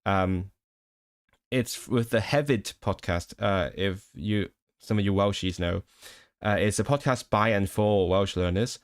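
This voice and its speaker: A man's voice: fairly low pitch, a little slow. A man chatting casually with his live-stream viewers, rambling with frequent laughs and restarts.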